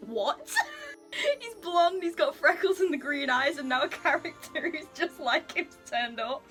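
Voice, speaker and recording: A woman's voice: very high-pitched, sing-song, slow pace, long pauses, pushed and bright, soft background music. A woman reacting to a comic as she reads it, gushing and giggly with lots of exclamations. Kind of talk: excited reading reaction.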